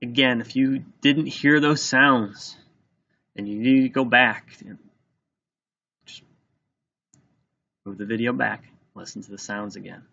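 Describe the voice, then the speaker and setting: Male teacher, slow and deliberate, sounds words out for a test, bright gravelly tone. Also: mid-range voice, muffled recording. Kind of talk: dictating a spelling test.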